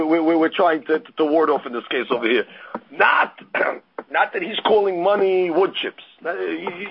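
A man with a slightly high, husky voice leads a Talmud class. He reads Aramaic and retells it in casual English, full of restarts. The recording sounds dull and muffled. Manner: animated storytelling with many restarts, mixing Aramaic and English. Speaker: Talmud teacher. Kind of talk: Talmud study lecture.

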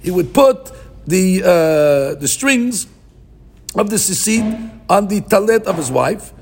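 A man leads a daily Talmud class, reading the Aramaic text aloud and explaining it in English. His voice sits high and carries a gravelly edge. He keeps things animated by asking his own questions and then answering them. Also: slow, a little hiss or hum. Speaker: Talmud teacher. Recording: podcast recording of a live class.

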